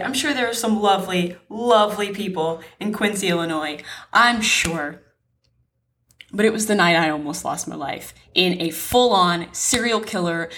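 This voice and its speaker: With a mid-range voice, this young woman co-hosts a podcast and spins a dramatic story, swearing and laughing as she animatedly carries it along.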